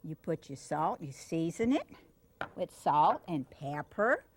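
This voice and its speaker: A woman's voice: sits low, sing-song, takes it slowly, slight background noise. An older woman with a Cajun accent hosting a cooking show. She chats affectionately with a child beside her as she demonstrates a dish. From Louisiana. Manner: chatty and affectionate, talks to the child while cooking.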